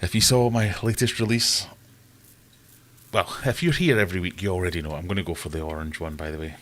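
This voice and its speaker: A man's voice: deep voice, fairly quick, a bit bright. A man hosting a casual live stream, chatting and greeting viewers in a self-deprecating way.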